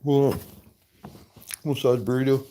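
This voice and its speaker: A man's voice: medium pitch, steady tone, slow pace, mellow, slight background noise. A man hosting a casual livestream, rambling, swearing freely and laughing often. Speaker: livestream host. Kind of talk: casual livestream chat while eating.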